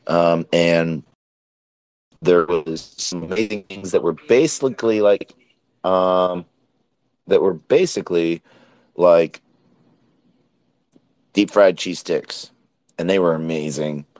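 A very low-voiced man hosts a casual nightly recap, sounding worn out after a long day. He talks slowly and rambles, full of ums and likes. The sound is dry and close. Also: no room sound. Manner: relaxed, rambling with many fillers. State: tired, hiccuping. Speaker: host. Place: Miami, at a conference event.

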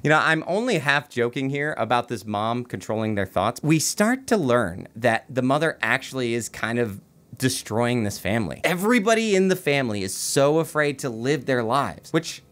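Male host, comedic movie commentary, sarcastic deadpan delivery, animated pitch. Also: moderate pace.

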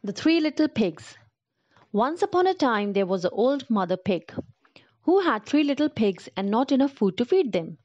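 A woman narrating a children's story in an animated, expressive storytelling way. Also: a little high, moderate pace, no echo. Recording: dull lo-fi recording.

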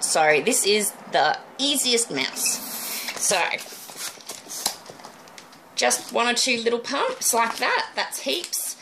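A woman's voice: mid-range voice, sharp tone, a little hiss or hum, low-quality recording. A middle-aged woman, chatting through a balloon twisting demonstration step by step. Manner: chatty, friendly step-by-step instructions. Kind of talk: casual demonstration tutorial.

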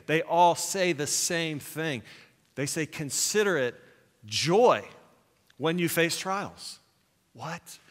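A man preaching a sermon as pastor, telling a movie story with animated quoted lines before turning it into a spiritual point. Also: medium pitch, in a large hall. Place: church sanctuary.

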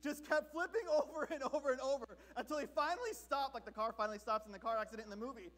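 A man from Southern California preaching a sermon as pastor, telling a story in an animated, comic way. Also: very high-pitched, quick pace.

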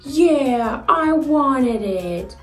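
A whiny little toy fox boy, as a woman puts him on pleads in a high, bouncing voice. He sounds small and eager. The room rings a little, with soft music underneath. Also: lively intonation, drawn-out words, roomy sound, heavily acted. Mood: sulky. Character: toy fox, young male, sulky then eager.

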